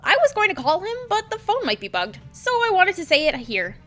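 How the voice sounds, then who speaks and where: A woman reading a game character's chat lines aloud, voicing an excitable young male hacker in a bouncy, earnest way. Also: very high voice, a little fast, faint music behind, pitched above the performer's own voice, full character voice.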